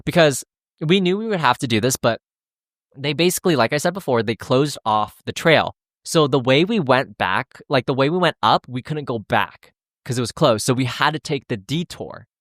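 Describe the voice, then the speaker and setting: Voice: medium pitch, moderate pace, dry recording, clean studio sound. A podcast host telling a hiking story in casual chat, acting out what everyone said and swearing freely. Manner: animated, acts out quotes, swears freely.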